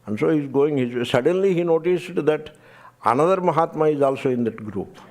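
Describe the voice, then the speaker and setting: An older swami with an Indian English accent gives a satsang talk on Vedanta, telling a story with emphasis and chuckling often along the way. His voice sits on the high side, with a darkish tone, and he speaks in an animated, fairly quick manner.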